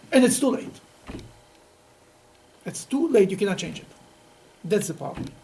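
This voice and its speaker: A middle-aged rabbi with a high-pitched voice teaches a Talmud class in a lively storytelling style, often laughing and repeating words. The recording is rough.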